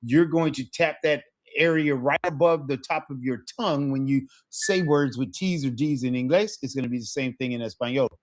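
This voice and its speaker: A man leads a live Spanish lesson with a patient, encouraging manner. He keeps checking in with his student as he goes, and his voice sits at an everyday middle pitch. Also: moderate pace, hardly any pauses. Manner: encouraging, checks in with frequent "all right?". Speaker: Spanish teacher.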